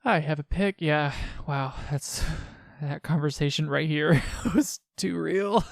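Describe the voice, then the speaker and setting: Gravelly let's play host, chatty and sarcastic, laughs a lot, dry close mic. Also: mid-range voice, slow pace, no room sound. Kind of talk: casual let's play commentary.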